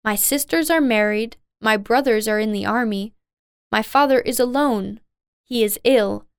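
A woman voicing a kind, honest young woman in a fairy tale, speaking slow, simple lines. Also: fairly high pitch, clear, resonant tone, no echo, clean studio sound. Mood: earnest.

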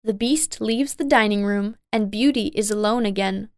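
A woman narrating a simple fairy tale in plain, slow, easy sentences. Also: mid-range voice, a little mellow, dry recording, studio quality.

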